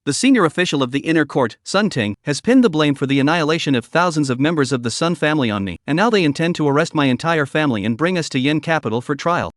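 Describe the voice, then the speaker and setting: A man's voice: a little high, lively intonation, fast, hardly any pauses, dry recording, clean studio sound, close to an everyday voice. A man voicing a terrified old male governor who pleads desperately for help. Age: older.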